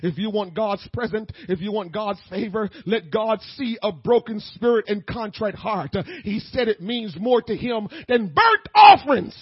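A male pastor preaching a sermon, moving between quiet talk and shouted, tearful appeals, with many "uh" fillers. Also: sits high, animated, husky, no echo, highs cut off. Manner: fills pauses with "uh".

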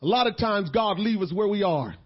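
A man preaching a sermon with passion, swinging from quiet talk to shouted peaks. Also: sits high, expressive, fairly quick, husky, dull audio. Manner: impassioned preaching, swelling to shouts. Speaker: pastor.

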